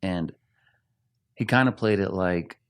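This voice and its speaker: A middle-aged man from Arizona, a rock singer, telling animated stories in a casual interview and laughing often. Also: sits low, slow, smooth.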